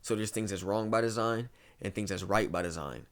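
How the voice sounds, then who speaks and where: A young man from Ohio in his twenties talks casually as an interview guest. His voice sits a little low, and he rambles through stories, dropping "bro" into nearly every sentence. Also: brisk, a bit bright. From Ohio, USA. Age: 20s. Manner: rambling storytelling, peppered with "bro".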